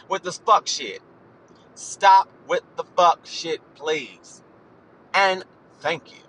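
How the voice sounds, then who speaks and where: A podcast host in his thirties, with a high, bright, forceful voice and a breathy edge, rants slowly and animatedly on a rough recording. He is profane, emphatic and sassy, calling listeners honey.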